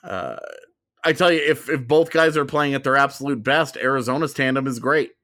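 A man's voice: medium pitch, pushed and bright, no room sound. Podcast co-host, male, loose rambling delivery, dry studio sound. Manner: rambling, self-interrupting, quick laughs. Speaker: podcast co-host, hockey reporter. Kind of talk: casual sports chat.

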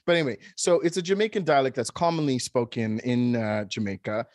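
Male podcast co-host, talkative storyteller, medium pitch, dry close recording. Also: a little fast, no echo. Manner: chatty, animated storyteller who laughs often. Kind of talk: casual chat.

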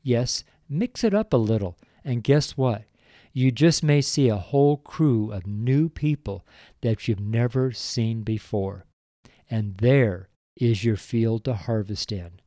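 A man preaching a devotional sermon and praying, earnest and openly emotional, with slow, deliberate emphasis. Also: mid-range voice, mellow, no echo, studio quality. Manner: earnest, emotional, tearful at times.

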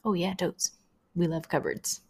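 A woman's voice: lowish voice, steady tone, a little slow, creaky, slightly rough. A woman co-hosting a parenting podcast in casual chat, laughing often. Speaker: podcast co-host.

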